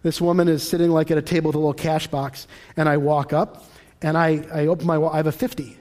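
A man leads a church teaching session like a relaxed storyteller. His voice sits a little high for a man, and he slips into the people in his anecdotes as he talks them through. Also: fast. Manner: lively storyteller who acts out dialogue, conversational. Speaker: Christian teacher. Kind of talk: sermon-style teaching with personal stories.

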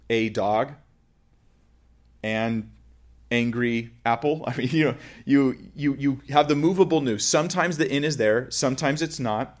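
A man giving an informal lecture, explaining with everyday examples in a conversational way. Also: mid-range voice. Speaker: teacher.

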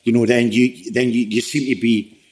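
A man's voice: medium pitch, little pitch movement, moderate pace, a little mellow. A man talking as a guest in a casual interview, rambling with lots of "you know" and restarts.

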